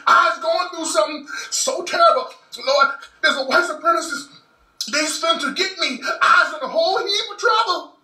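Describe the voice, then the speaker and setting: A man's voice: very high-pitched, normal speed, pushed and bright, pitched above the performer's own voice, exaggerated voice. A man voicing a panicked caller who cries and pleads to the police, heard from far off in an echoey room. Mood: wailing panic. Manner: wailing, pleading, exaggerated fear.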